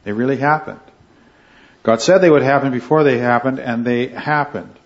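In a medium-pitched voice at a moderate pace, a man runs a Bible study class, earnestly steering the group's discussion with check-ins like "right?" and "okay." It's captured in a dull lo-fi recording.

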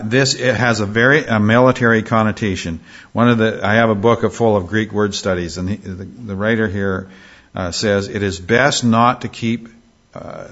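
A man preaching an expository sermon, emphatic, often restarting phrases and slowing down to read scripture. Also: fairly low pitch, fairly bright tone. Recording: dull lo-fi sermon recording.

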